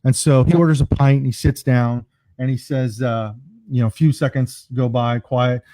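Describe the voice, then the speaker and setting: A man who is a brand strategist, a guest on a casual podcast interview, telling stories in an animated way with jokes. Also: medium pitch, moderate pace, dry recording. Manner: animated storyteller, jokes around.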